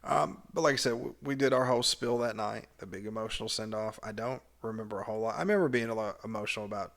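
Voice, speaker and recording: A man, a cheer coach, casually retelling a past season in a candid, animated way with some swearing. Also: lowish voice, fast. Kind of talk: casual memoir storytelling.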